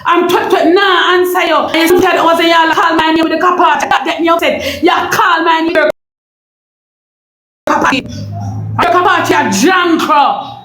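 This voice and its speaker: Fiery Jamaican woman ranting, high voice. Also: fairly even intonation, moderate pace, echoey room, faint music behind, rough recording. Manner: loud and confrontational, repeats herself, often breaks into shouting. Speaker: online personality ranting on a live stream. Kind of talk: heated live-stream rant.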